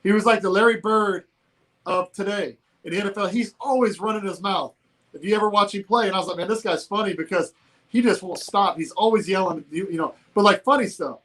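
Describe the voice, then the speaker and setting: A man co-hosting a casual political talk show, animated and laughing often, from Georgia in the United States. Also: sits high, brisk, poor audio. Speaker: co-host.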